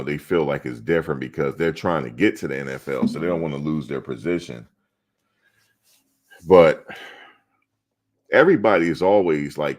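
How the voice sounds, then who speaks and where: A middle-aged man with an extremely deep, low voice hosts a sports live stream. He talks casually and bluntly, answering his chat in a streetwise way. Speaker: sports channel host.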